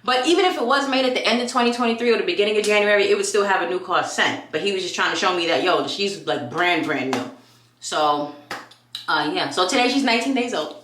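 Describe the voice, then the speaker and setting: A woman telling a story in a casual vlog at home. She talks in a chatty, animated way and acts out what people said. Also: medium pitch, fast, a little hiss or hum. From New York. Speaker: vlogger. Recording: echoey room.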